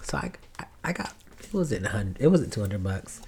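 A man's voice: on the low side, big pitch swings, moderate pace, vocal fry, darkish tone, a little hiss or hum. Laid-back swearing young man. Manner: laid-back, swears a lot, rambling storyteller. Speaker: podcast co-host. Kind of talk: casual chat.

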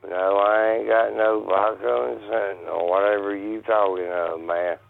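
A confused man with a low, gravelly voice who answers in slurred, halting bits. He comes through a tinny phone line. There is a faint hiss behind him. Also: fairly even intonation. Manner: confused, slurred, ain't got no. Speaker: seller on prank call. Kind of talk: phone call.

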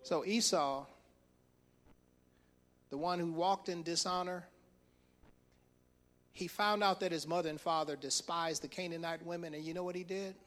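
Preacher guy, high voice, lively storytelling, acts out the characters. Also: normal speed, long pauses. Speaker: pastor. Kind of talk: sermon.

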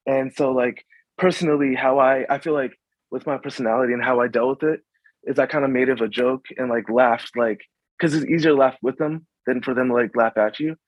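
A young man from the Washington, DC suburbs talks in loose, halting bursts, packing his sentences with fillers and restarts. His voice sits at a middling pitch. The recording is dry and slightly muffled, with a lo-fi dullness. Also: fairly even intonation, no room sound. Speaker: guest. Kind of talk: casual conversation.

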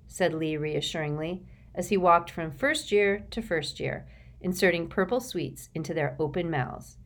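Audiobook narrator: woman, low voice, slow, lively delivery. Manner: expressive, measured storytelling.

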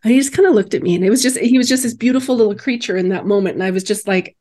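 Woman, mid pitch, animated storyteller, acts out quoted voices, conversational. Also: fast. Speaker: bereaved mother.

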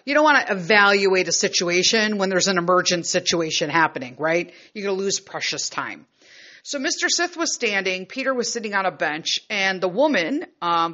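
A woman's voice: medium pitch, bright, forceful tone, muffled recording. A middle-aged woman and mother telling a personal story in a frank, heated and profane way. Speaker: vlogger and mother. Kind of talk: casual storytelling.

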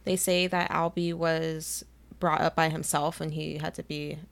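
A woman's voice: low voice, little pitch movement, unhurried, creaky, clean tone. A young woman co-hosting a podcast in casual chat, gushing like a fangirl and laughing often. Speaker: podcast co-host.

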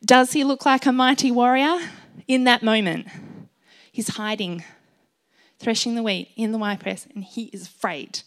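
A woman's voice: on the high side, fairly even intonation, normal speed, long pauses. A woman giving an informal, encouraging sermon to a gathered group, chatty and full of ums and light laughs. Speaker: speaker sharing a Bible message.

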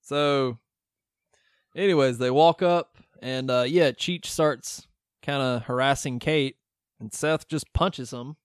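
A man's voice: mid-range voice, takes it slowly, clean tone, dry recording, studio quality. A man co-hosting a casual movie podcast, recapping scenes and acting out lines with laughter. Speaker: podcast co-host.

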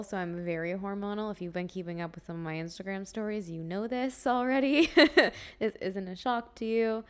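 A young woman hosts her own podcast in a loose, personal chat. She talks at a medium pitch, drops in plenty of fillers and breaks into light laughs as she goes. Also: clean tone. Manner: chatty, frequent fillers and laughs. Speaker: podcast host. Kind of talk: casual solo podcast chat.

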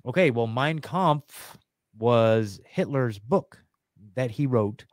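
A man's voice: medium pitch, lively intonation, slow pace, dry recording. A man appearing as a guest on a casual podcast, rambling and conspiratorial, with many fillers and restarts.

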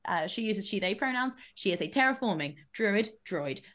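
A woman's voice: mid-range voice, animated, normal speed, fairly bright tone. A woman playing in a tabletop game, chatting playfully and giggling. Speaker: player. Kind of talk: casual group chat.

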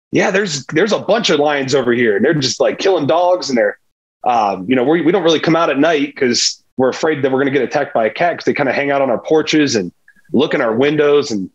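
Man, podcast guest, husky voice, animated storyteller, dull lo-fi sound. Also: mid-range voice, brisk. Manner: animated, tells a hunting story with lively quoted dialogue. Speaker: guest, former pro football player. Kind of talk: casual storytelling interview.

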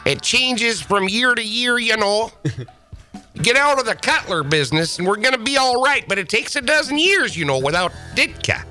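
Man, radio guest, high pitch, very bright, jokey banter. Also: lively intonation, moderate pace, soft background music. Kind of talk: casual on-air banter.

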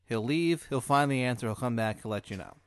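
Deadpan man spinning a comic scenario. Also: mid-range voice, a little fast, smooth, no room sound. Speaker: podcast host posing hypotheticals. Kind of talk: casual comedic storytelling.

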